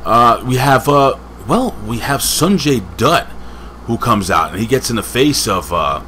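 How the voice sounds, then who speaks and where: A man's voice: mid-range voice, lively intonation, a little slow, pushed and bright, a little hiss or hum. A man casually reviewing a wrestling show, rambling with joking asides and chatting to a friend off camera.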